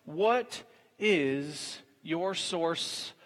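A man's voice: a little high, lively intonation, very slow, fairly bright tone. A man in his thirties preaching a sermon in a conversational way, acting out little everyday scenes as he goes. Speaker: pastor. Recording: long reverb of a large hall.

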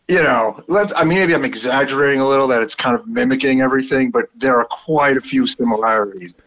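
A man's voice: medium pitch, quick pace, fairly bright tone, muffled recording. A man with a Brooklyn accent chatting enthusiastically about movies, swearing freely and rambling with restarts. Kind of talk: casual chat.

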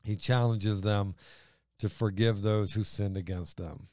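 A man's voice: fairly low pitch, fairly even intonation, a little slow, a little mellow, no room sound, studio quality. A man hosting a faith talk show, explaining Bible verses in a plainspoken, step-by-step way. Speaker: host and Bible teacher. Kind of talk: casual Bible teaching.

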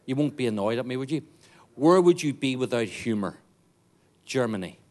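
A man's voice: mid-range voice, animated, moderate pace, darkish tone, slight background noise. A middle-aged man with a Northern Irish accent, a guest missionary preaching a joking, fervent sermon to a church congregation. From Northern Ireland. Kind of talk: sermon with jokes.

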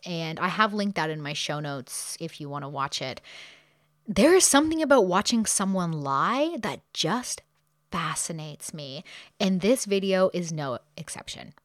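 A woman hosting a podcast, casually retelling a true crime case with quick asides and the odd laugh. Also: lowish voice, no room sound, studio quality. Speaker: podcast host.

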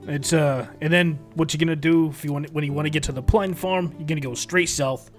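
Man voicing a talkative courier NPC; fillers, hesitant, friendly, a bit high-pitched. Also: steady tone, a little fast, soft background music, close to an everyday voice. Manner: rambling, hesitant, full of fillers. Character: chatty friendly male courier, middle-aged.

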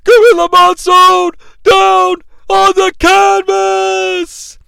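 A frantic announcer shrieks in high, wildly swinging disbelief, put on by a man. The voice is bright and clean, with a dry close sound. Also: little pitch movement, drawn-out words, gravelly, no room sound, heavily acted. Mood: screaming outrage. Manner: screaming in disbelief. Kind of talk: exaggerated impression of a commentator.

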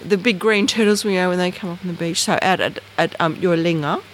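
A woman's voice: brisk, a little hiss or hum. An Australian woman from Bathurst Island telling personal stories in an interview, rambling with fillers and acting out the voices of people she quotes. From Bathurst Island, northern Australia. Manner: animated, acts out quoted voices with big pitch jumps; rambling, many fillers and restarts. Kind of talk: casual storytelling.

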